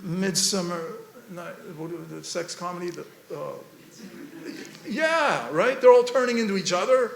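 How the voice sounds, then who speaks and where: A man giving an animated, rambling talk about poetry, laughing often as he goes. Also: high voice, unhurried, vocal fry, reverberant.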